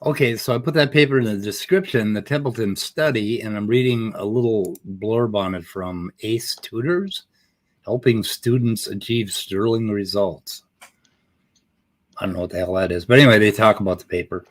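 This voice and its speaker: A man's voice: lowish voice, moderate pace, no echo. A man hosting a livestream, talking bluntly and swearing freely. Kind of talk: casual chat.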